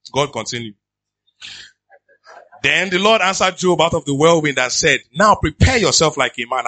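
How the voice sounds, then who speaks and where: A man preaching a sermon as pastor, reading scripture aloud and breaking into lively asides. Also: on the high side. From Nigeria. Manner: animated preaching, reads scripture then riffs with asides and laughs.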